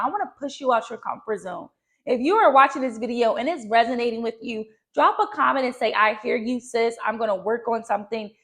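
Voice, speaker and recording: A woman's voice: fairly high pitch, vocal fry. A young woman giving encouraging, direct self-improvement advice to her viewers, repeating key phrases for emphasis. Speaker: lifestyle vlogger. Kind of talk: motivational advice to camera.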